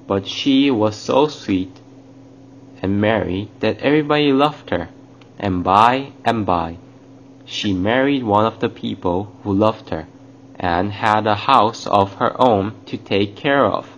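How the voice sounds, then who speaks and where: Slow, low-voiced male storyteller. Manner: slow, warm address to children. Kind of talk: storybook narration for children. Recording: dull lo-fi, faint hiss.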